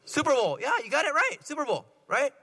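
Man, priest, playful sermon, high voice, long church reverb. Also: big pitch swings, fast, pushed and bright. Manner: playful, joking and asking the congregation questions.

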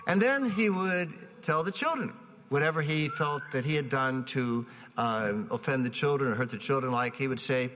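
A man's voice: mid-range voice, moderate pace, fairly bright tone, slight background noise. A man preaching a sermon to a live audience, telling stories conversationally with frequent restarts. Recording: long hall reverb.

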